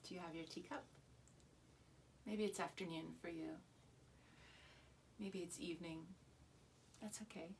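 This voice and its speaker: A woman guiding a relaxed meditation, speaking calmly and softly and often dropping into a hushed whisper. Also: lowish voice, unhurried, long pauses, distant mic, a little hiss or hum. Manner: calm, soft, often slipping into a hushed whisper. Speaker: meditation guide. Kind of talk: gentle guided meditation talk.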